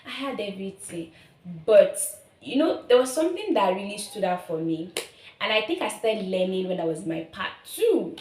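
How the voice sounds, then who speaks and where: A woman's voice: mid-range voice, sing-song, moderate pace, a little mellow. A young woman in her twenties with a Nigerian accent, sharing a personal testimony on her vlog in an earnest, emotional way, often repeating herself. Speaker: vlogger. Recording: roomy echo.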